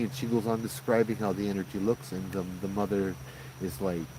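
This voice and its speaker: A man, casually retelling a paranormal encounter as host, in an animated, conversational way. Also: low voice, fairly quick, noisy background. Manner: animated, conversational retelling with frequent "you know" and "right?". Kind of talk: casual spoken ghost story.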